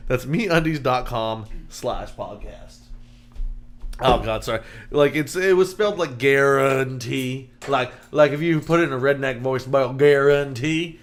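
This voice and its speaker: A man co-hosting a podcast, reading a sponsor ad casually and joking around with his co-host. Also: medium pitch. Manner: joking, breaks up laughing while reading. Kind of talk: casual ad read.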